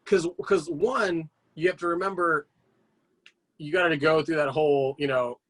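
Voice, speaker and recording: Man rambling through animated anecdotes. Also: on the high side, normal speed. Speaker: podcast guest. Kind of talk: casual storytelling chat.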